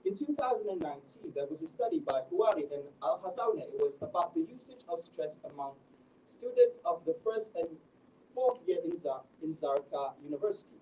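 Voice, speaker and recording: A man's voice: on the high side, fairly quick. A young man gives an academic presentation of his research as a teacher trainee, often restarting his sentences. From Malaysia. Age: young adult. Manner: animated, with frequent restarts. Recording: distant mic with faint background noise.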